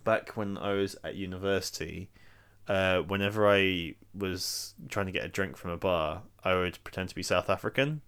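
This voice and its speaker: A man's voice: deep voice, steady tone, moderate pace, a bit bright, clear, resonant tone. A young man in casual podcast chat, hesitant and often repeating words as he searches for them. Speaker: podcast co-host.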